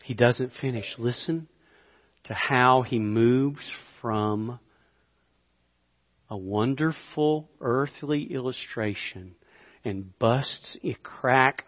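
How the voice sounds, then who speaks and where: A man in his fifties preaching a sermon, telling a story and swinging from quiet asides to loud bursts. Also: mid-range voice, long reverb tail, highs cut off. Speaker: pastor.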